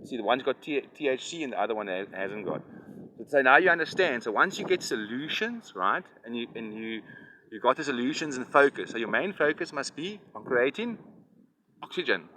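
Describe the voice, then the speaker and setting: A man's voice: medium pitch, sing-song, brisk, poor audio. A man explaining nature to a child outdoors by a river, rambling and often asking "right? you understand?". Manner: lecturing, keeps checking "right? you understand?". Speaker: environmental activist explaining to a child. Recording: loud wind noise outdoors.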